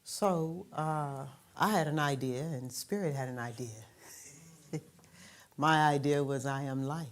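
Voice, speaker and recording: Low-voiced woman minister leading prayer. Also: slight background noise. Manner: calm, measured spiritual prayer with soft affirmations. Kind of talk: sermon and offering prayer.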